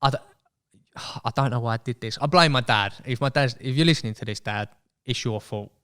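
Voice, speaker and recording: A young man telling a story as a podcast guest in casual chat, animated and acting out voices. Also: medium pitch, brisk, clean tone. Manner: chatty, animated, acts out quoted voices.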